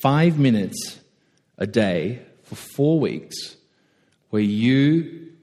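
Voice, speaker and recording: A man preaching a conversational sermon, self-deprecating and animated when telling stories. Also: medium pitch, extremely slow. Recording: echoey hall.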